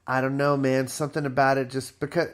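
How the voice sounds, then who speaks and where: Male co-host, casual, slangy storyteller, relaxed podcast delivery. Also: mid-range voice, quick pace. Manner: slangy, relaxed retelling of a film plot. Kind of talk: casual chat.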